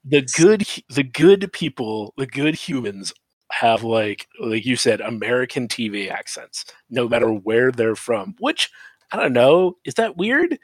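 A man casually recapping episodes of a show on a podcast, rambling with restarts and quick laughing asides. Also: mid-range voice, big pitch swings, dry recording. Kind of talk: casual chat.

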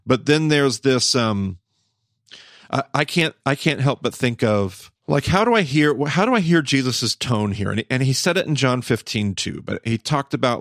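A man's voice: medium pitch, expressive, moderate pace, fairly bright tone, no echo, clean studio sound. A man hosting a podcast, thinking aloud in a casual Bible study discussion, searching for words and restarting phrases. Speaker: podcast host.

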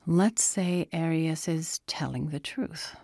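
A woman voicing a calm, thoughtful man who explains things in a measured way. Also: fairly high pitch, creaky, no room sound, clean studio sound, heavily acted.

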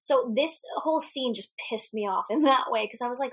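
Animated, laughing woman recapping a movie. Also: a little high, brisk, few pauses, breathy edge. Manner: laughs often, animated, swears freely. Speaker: podcast co-host. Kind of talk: casual movie recap chat.

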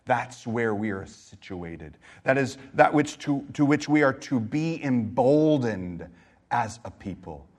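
A middle-aged male pastor delivering a sermon, his voice sitting at an ordinary middle pitch. He tells a personal story in a conversational way, then rises into emphatic exhortation. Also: animated, takes it slowly. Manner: storytelling preacher, shifts between quiet reflection and emphatic exhortation.

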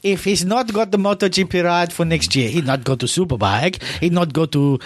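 A man in comedic banter, joking in broken, clipped English. His voice sits a little high. The recording is dry and close, with no room sound. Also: brisk, no room sound.

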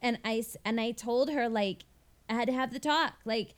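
A woman with a slightly high voice tells a story in casual podcast chat. She talks with animation, moving from point to point like a wedding planner recounting her work. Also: normal speed. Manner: animated storyteller who acts out the people she quotes.

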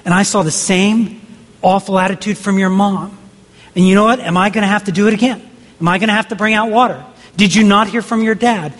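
A man voicing an exasperated, worn-down old male leader who fires off rapid rhetorical scolding questions. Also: sits high, fairly even intonation, a bit bright, pitched above the performer's own voice. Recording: long reverb of a large hall.

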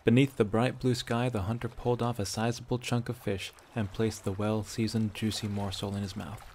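Gravelly male storyteller. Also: on the low side, little pitch movement, normal speed, darkish tone. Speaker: audiobook narrator. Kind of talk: reading fan fiction aloud.

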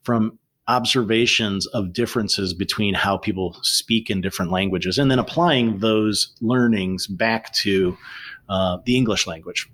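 Animated storytelling man, lowish voice. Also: a little slow. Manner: animated storyteller, many restarts. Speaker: author and guest. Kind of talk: conversational interview.

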